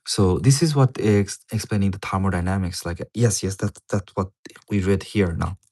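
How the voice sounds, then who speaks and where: Low-voiced man rambling on a livestream. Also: normal speed, a little mellow. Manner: rambling, repeats words, swears casually. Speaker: livestreamer reading a paper. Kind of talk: casual livestream commentary.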